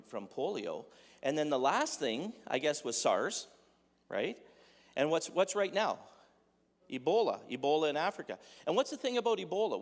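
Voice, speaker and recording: A man giving a humorous sermon in a conversational, joking way, full of rhetorical questions. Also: mid-range voice. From Dutch heritage. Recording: echoey hall with long reverb.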